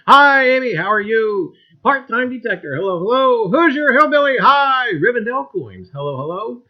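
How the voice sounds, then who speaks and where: Folksy livestream host, man, lively up-and-down voice, loud cheery hellos, dull lo-fi audio. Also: very high-pitched, normal speed, hardly any pauses. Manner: folksy, repeats catchphrases, loud cheerful greetings. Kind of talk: livestream chat greeting viewers. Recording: dull lo-fi sound.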